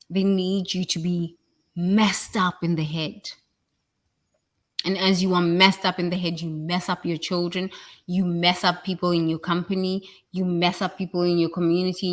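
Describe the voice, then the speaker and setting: Blunt woman giving a spiritual talk. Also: lowish voice. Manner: blunt and emphatic, with sudden loud bursts. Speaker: spiritual speaker.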